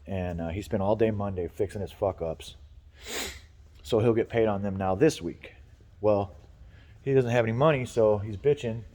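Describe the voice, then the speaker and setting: A man's voice: fairly low pitch, normal speed, pauses often, mellow, long reverb tail. A man talking casually on a vlog, rambling and swearing as he vents frustration about work. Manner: rambling, profane, frustrated venting. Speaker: vlogger.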